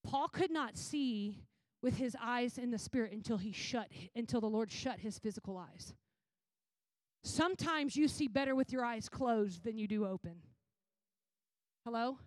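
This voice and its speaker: Woman preacher who tells sermon stories in a lively way with casual slang. Voice is high. Sound is dry. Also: measured pace, dry recording. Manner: animated, casual storytelling with slang.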